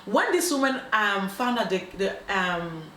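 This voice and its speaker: Animated woman storyteller in an echoey room. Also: mid-range voice, measured pace. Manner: animated, acts out quoted voices, many ums and restarts. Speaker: storyteller host. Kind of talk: casual storytelling. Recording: roomy echo, faint background noise.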